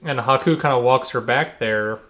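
Laid-back voice recapping a movie, casual chat, mid pitch. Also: moderate pace, fairly bright tone. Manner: laid-back, agreeing, hedging with "kinda". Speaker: co-host recapping a film.

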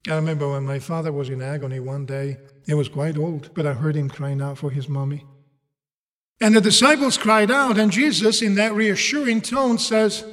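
A man's voice: fairly high pitch, moderate pace, big-room sound. A man preaching a sermon in English, a language he learned later, telling stories and asking his listeners rhetorical questions. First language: not English. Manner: animated storytelling, rhetorical questions to the audience.

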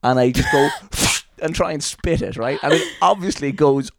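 A young Irish man co-hosting a casual chat podcast, telling animated stories with lots of swearing and laughter. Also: a little high, moderate pace, gravelly, dry recording. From Ireland. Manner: animated storyteller, swears freely, laughs often. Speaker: podcast co-host.

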